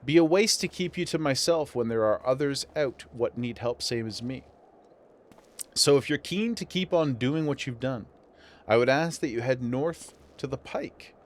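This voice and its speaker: A man reading aloud the lines of a rough-talking townsman from a game, in colloquial dialect grammar. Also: medium pitch, normal speed, natural voice.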